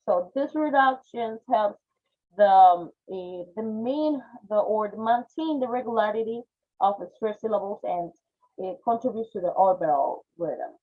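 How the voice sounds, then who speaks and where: A woman's voice: mid-range voice, unhurried. A woman teaching a phonetics class online, explaining step by step and checking in with "okay?", with Spanish as her first language. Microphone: video call. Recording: tinny phone-like video call audio.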